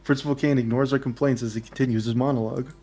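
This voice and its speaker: A man's voice: mid-range voice, steady tone, rapid-fire, mellow. A man reading a story game aloud, plain first-person narration with offhand asides.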